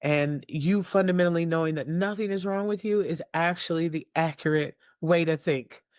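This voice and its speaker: A woman in her forties, a guest in a personal conversation, choked up and earnest, speaking haltingly with many restarts and fillers. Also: on the low side, darkish tone, no room sound, clean studio sound. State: tearful, choked up. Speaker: interview guest.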